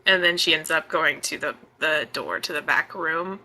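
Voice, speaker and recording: A woman's voice: sits low, moderate pace, bright, forceful tone, low-quality recording. A young woman playing her character in a tabletop game, giggly and hesitant, often restarting her sentences. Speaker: player.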